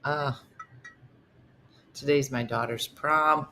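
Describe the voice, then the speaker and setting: Chatty low-voiced woman host. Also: unhurried, a bit bright, a little hiss or hum. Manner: chatty, reads viewer comments aloud. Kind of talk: casual livestream chat.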